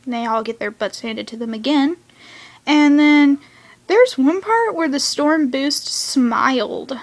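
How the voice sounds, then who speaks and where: A teenage girl recapping a cartoon episode at home in a chatty, excitable rant, dropping now and then into whispered asides. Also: high-pitched, takes it slowly. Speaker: fan reviewing a cartoon episode.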